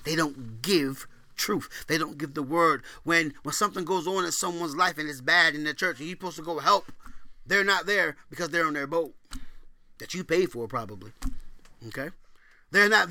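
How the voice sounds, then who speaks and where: At a moderate pace, a man delivers a sermon as pastor, alternating thundering scripture readings with soft, chatty asides and calls for amens. There's no room sound on the recording.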